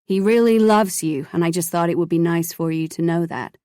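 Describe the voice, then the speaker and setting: A woman's voice: on the low side, brisk, mellow, clear, resonant tone, no echo, clean studio sound, lightly acted. A woman voicing a nervous Canadian woman who is hesitant and apologetic, in an audiobook. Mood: gushing. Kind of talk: audiobook character voice.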